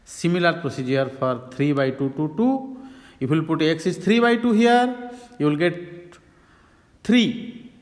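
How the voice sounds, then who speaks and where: A man's voice: on the high side, expressive, a little slow, pauses often, long reverb tail. A man teaching a math lesson, working through each step in a methodical, repetitive way.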